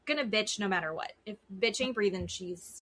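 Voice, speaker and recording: A woman's voice: medium pitch, moderate pace, a bit bright. A woman co-hosting a podcast, chatting casually and bluntly about a reality show, swearing freely. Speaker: podcast co-host. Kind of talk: casual chat recapping reality TV.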